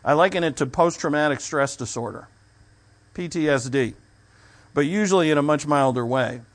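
A man's voice: on the high side, normal speed. Man preaching in a conversational way. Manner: conversational preaching with restarts and asides. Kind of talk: sermon.

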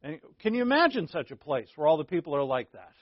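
Male pastor, casual preaching, light humor, slightly high voice, dull lo-fi sound. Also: big pitch swings, fast talker, no echo. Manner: conversational and joking, often asks "right?". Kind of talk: informal midweek Bible teaching. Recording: dull lo-fi dry recording.

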